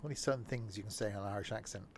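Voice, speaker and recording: A man's voice: fairly low pitch, racing, slight background noise. A young man chatting casually as he streams a game, joking and narrating what he does. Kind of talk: casual gameplay commentary.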